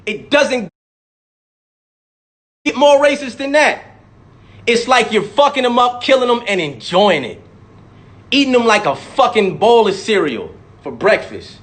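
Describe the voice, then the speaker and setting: A man's voice: very high voice, a bit bright. A man, a rapper, delivering an impassioned, profane monologue to camera and repeating words for emphasis.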